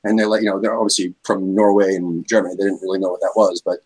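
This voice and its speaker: A man's voice: low-pitched, little pitch movement, fast talker, a little mellow, husky. A man in a casual chat, telling an upbeat, chatty anecdote.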